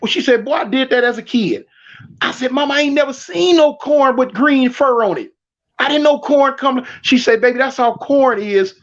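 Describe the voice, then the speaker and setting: A man with a Californian accent, casually telling funny stories and acting out the voices of the people in them. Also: very high voice. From Southern California. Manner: animated, laughing, acts out quoted voices. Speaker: storyteller guest. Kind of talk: casual storytelling. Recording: dull lo-fi stream audio.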